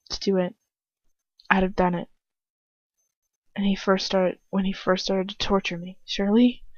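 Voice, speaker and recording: A woman's voice: mid-range voice, a little mellow, no echo, highs cut off. A woman reading first-person fan fiction aloud in an unpolished way, with slips and restarts.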